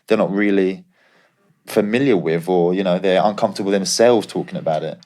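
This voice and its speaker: A man's voice: deep voice, fairly quick, mellow. A young man, a former footballer, co-hosting a podcast and telling stories in a laid-back way. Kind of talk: casual podcast chat.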